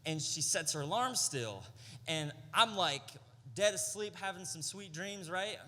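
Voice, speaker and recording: A man's voice: high voice, lively intonation, unhurried, sharp tone. A young adult man, a youth pastor, giving a casual, story-driven sermon full of slang and rhetorical "right?" questions. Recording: long hall reverb.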